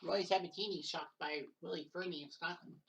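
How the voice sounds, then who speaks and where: Low gravelly woman commentating casually. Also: steady tone, brisk, recorded from a distance, highs cut off, slight background noise. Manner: joking asides, correcting mixed-up names, occasional swearing. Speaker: commentator of a simulated golf match-play event. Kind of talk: casual solo results commentary.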